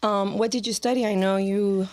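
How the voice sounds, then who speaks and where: A woman's voice: medium pitch, steady tone, normal speed. A woman hosting a casual interview, introducing her guest and affirming her with questions. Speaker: host.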